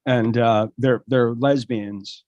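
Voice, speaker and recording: A man co-hosting a casual podcast chat, rambling and excitable, full of restarts. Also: mid-range voice, takes it slowly, no room sound, lo-fi sound. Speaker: podcast co-host.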